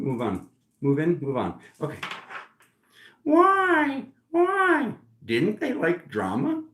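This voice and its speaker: Playful man reading tarot, echoey room. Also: a little high. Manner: animated, playful, teasing, talks to himself and the cards. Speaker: tarot reader.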